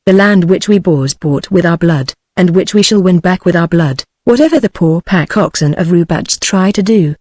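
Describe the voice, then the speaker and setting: A woman's voice: on the low side, moderate pace, few pauses, darkish tone, dry recording, studio quality, natural voice. A text-to-speech woman's voice with a British accent, voicing a mournful old Boer farmer in a novel. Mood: grumbling. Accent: British English. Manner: mournful, repetitive complaining.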